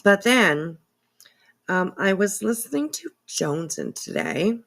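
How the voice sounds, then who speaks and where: A woman's voice: medium pitch, lively intonation, slow pace, gravelly, a bit bright. A woman hosting a casual livestream from home, emotional and teary, sniffling and rambling with lots of fillers. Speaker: livestream host.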